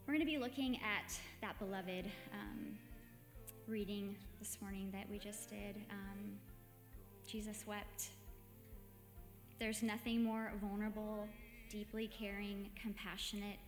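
Gentle woman giving a devotional talk in an echoey hall. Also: mid-range voice. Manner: gentle, reflective, conversational with soft hesitations. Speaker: meditation host. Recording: echoey hall with long reverb.

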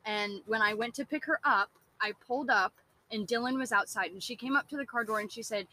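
A young woman talks on a casual podcast in a bright, forceful voice. She tells a story with heat, full of "like" and restarts. A faint hiss sits under her voice. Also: fairly high pitch, fairly quick. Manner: heated storytelling, lots of "like" and restarts. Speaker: podcast guest, host's girlfriend.

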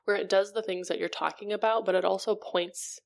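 A woman's voice: mid-range voice, steady tone, a little fast, gravelly. A woman co-hosting a podcast, chatting casually and playfully, with frequent "kind of" and "um.". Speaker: podcast co-host. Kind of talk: casual chat.

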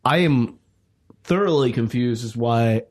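A man's voice: medium pitch, unhurried, a little mellow. A man hosting a podcast, moderating casual chat in an easygoing, teasing way. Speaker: podcast host.

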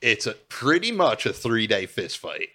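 A man's voice: lowish voice, big pitch swings, unhurried, gravelly, bright, forceful tone. A man co-hosting a podcast, telling laid-back stories and saying "dude" constantly. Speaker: podcast co-host. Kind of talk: casual storytelling chat.

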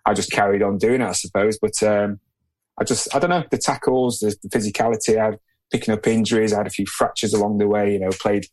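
A man who is a podcast guest, answering in a relaxed, plain-spoken way and often hedging with "I guess". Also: lowish voice, fast. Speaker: podcast guest, former footballer. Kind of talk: casual interview answers.

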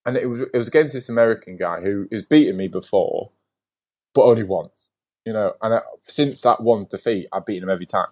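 A man sits in as a podcast guest and tells his story with easy, lively energy. His voice sits a little low, and his talk is loose, with plenty of "like" and the occasional swear word. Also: a little fast. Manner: lively storyteller, heavy use of "like", casual swearing. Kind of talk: casual interview chat.

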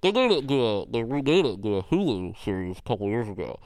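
Podcast co-host, man, casual and profane, smooth resonant voice, dry close sound. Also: lowish voice, big pitch swings, fast, a little mellow, no echo. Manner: loose, swears freely, many fillers. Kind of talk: casual film chat.

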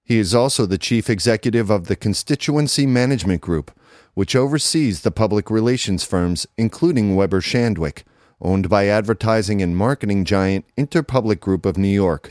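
A man with a fairly low voice reads a business feature in a steady, measured newsreader style. The recording is dry and close, with no room sound around him. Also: dry recording. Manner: measured, even newsreader delivery, reading quotes aloud. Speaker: narrator reading an article. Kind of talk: scripted read-aloud narration.

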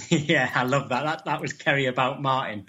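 A man's voice: mid-range voice, normal speed, bright, forceful tone. A man from North East England, chatting as an interview guest, often repeating words as he starts sentences. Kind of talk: casual interview chat.

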